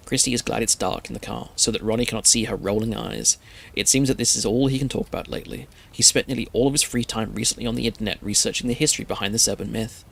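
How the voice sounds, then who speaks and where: A man streamer narrating a scary story in a steady, measured reading. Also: on the low side, creaky.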